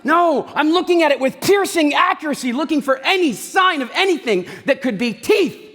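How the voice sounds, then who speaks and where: A man giving an animated, jokey talk on stage, telling stories with voiced asides. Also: very high voice, normal speed, a little hiss or hum. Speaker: speaker. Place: large event hall. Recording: reverberant hall.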